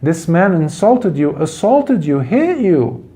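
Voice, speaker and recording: A man's voice: on the high side, very animated, slow, mellow, pitched above the performer's own voice. A man playing outraged young monk disciples. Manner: outraged, protesting.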